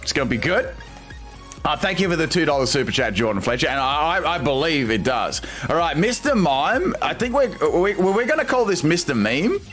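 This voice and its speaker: A man's voice: fairly high pitch, very animated, fairly quick, fairly bright tone, soft background music. A young Australian man streaming live, reading viewer chat aloud and reacting with amused disbelief.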